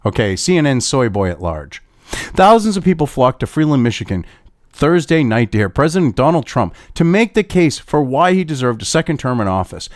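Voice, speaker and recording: A man's voice: mid-range voice, big pitch swings, brisk, no echo, clean studio sound. Profane, sarcastic ranting man. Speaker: political commentary host. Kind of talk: ranting commentary reading an article.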